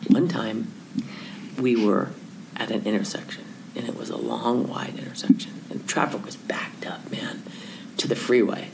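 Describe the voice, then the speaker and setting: Her bass voice is creaky, and she moves at a moderate pace as she tells a story with a Christian message. This woman is an animated, conversational storyteller who voices each character and occasionally whispers. The audio quality is poor.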